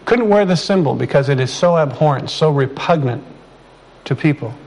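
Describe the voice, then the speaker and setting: A man preaching a sermon, reading scripture slowly and deliberately, with calm conversational asides. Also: on the high side, poor audio. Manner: slow, deliberate reading with emphatic pauses.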